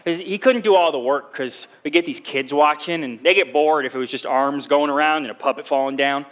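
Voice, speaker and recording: In a brisk, natural voice that sits fairly high and bright, a man plays a struggling young drifter on a theatre stage. He tells of hard times in sincere, folksy language with rustic grammar, with an unadorned stage manner.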